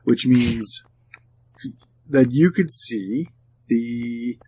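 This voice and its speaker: A man's voice: medium pitch, drawn-out words, dark tone, husky. Man hosting a casual gameplay stream. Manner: crude, joking banter. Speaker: gaming channel host.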